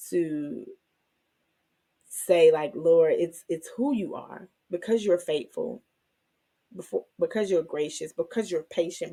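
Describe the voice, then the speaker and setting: A woman hosting her own faith channel, teaching and testifying in an emotional, animated way, with some in her speech. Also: on the low side, breathy edge. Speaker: Christian women's channel host.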